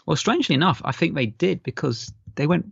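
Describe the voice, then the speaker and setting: A man's voice: fairly high pitch, expressive, fairly quick, gravelly, husky, no echo. A man co-hosting a casual podcast chat, rambling with stammered restarts. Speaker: podcast co-host. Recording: dull lo-fi podcast mic.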